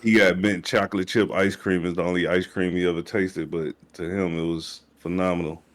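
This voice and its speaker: A young man co-hosting a podcast, teasing his friend and joking in relaxed, slangy talk. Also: sits low, fairly quick. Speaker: podcast co-host. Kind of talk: casual reaction chat.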